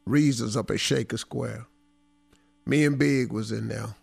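A man's voice: medium pitch, fairly even intonation, a little slow, vocal fry, darkish tone, breathy edge, no room sound. A middle-aged man, hosting a radio talk show and telling a story with a playful, laughing manner. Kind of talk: storytelling banter.

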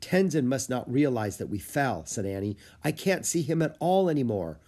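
A man voicing an eager young girl who loves animals, with an excited, exclaiming manner. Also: medium pitch, normal speed. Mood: anxious.

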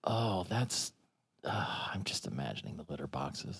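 Rambling man with a lively voice. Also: a bass voice, a little slow, vocal fry, slightly rough, dry recording, clean studio sound. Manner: rambling, riffing, lots of restarts and fillers. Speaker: podcast co-host. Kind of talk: casual chat.

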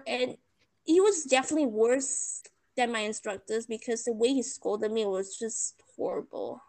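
A woman's voice: on the high side, moderate pace, darkish tone. A young woman, chatting casually and emotionally retelling a bad experience. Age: young adult. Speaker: storyteller. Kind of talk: casual chat.

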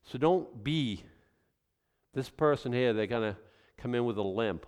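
A man's voice: fairly low pitch, a little slow, a little mellow, clean tone. A male pastor preaching a sermon in a loose, conversational way, drifting into asides and acted-out scenes.

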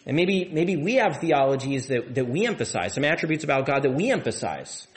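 A man's voice: mid-range voice, big pitch swings, a little fast. A man preaching a sermon as pastor of a church, in a conversational way, often repeating and restarting words.

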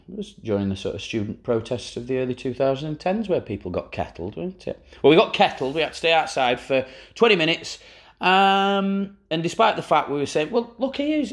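A man's voice: a little high, sing-song, brisk. A man hosting a podcast, telling football stories in a wry, casual way and swearing freely. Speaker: podcast host. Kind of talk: casual storytelling chat.

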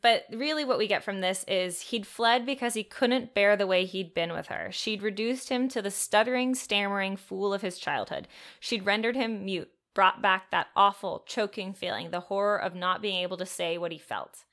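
A woman's voice: medium pitch, normal speed, a bit bright. A woman co-hosting a casual book discussion podcast, recapping a novel and reading quotes aloud. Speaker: podcast co-host.

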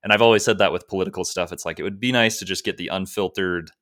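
A podcast host runs a casual interview in a friendly, rambling way, often letting his sentences trail off. He talks fast in a low-pitched, fairly bright voice.

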